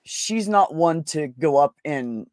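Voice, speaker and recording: A man's voice: on the high side, lively intonation, takes it slowly, no room sound, clean studio sound. A man candidly telling a personal story in casual conversation, blunt and emotional, swearing often. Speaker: podcast host.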